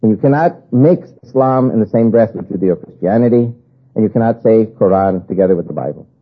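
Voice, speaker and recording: An older man from the United States giving an emphatic preaching talk to an audience, with a husky voice and hammering, repeated lists. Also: fairly low pitch, lively intonation, brisk. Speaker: guest speaker. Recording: tinny phone-like recording.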